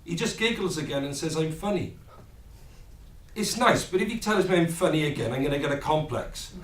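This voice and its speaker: A man's voice: fairly high pitch, lively intonation, a little fast, close to an everyday voice. An actor with a Welsh accent performing a stage monologue as a brash, foul-mouthed young Welshman with wry, swearing asides, recorded from a distance in a room. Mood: sardonic. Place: rehearsal room. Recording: roomy, distant mic.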